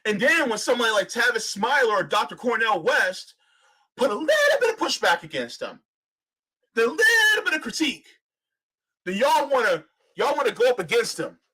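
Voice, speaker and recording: A man's voice: very high voice, very animated, normal speed, sharp tone, slightly rough, low-quality recording. A man giving heated political commentary on a live stream, ranting, sarcastic, and full of rhetorical questions.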